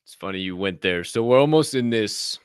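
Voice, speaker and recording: Low-voiced profane podcast host. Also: male voice, animated, fairly quick, clear, resonant tone, no room sound, clean studio sound. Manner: profane, enthusiastic, stammering restarts. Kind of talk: casual podcast chat.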